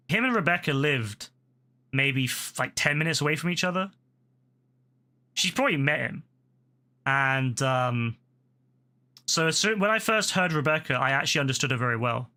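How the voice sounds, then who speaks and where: A gaming streamer chats casually while playing, rambling along and swearing freely in a mid-range voice that comes across pushed and bright.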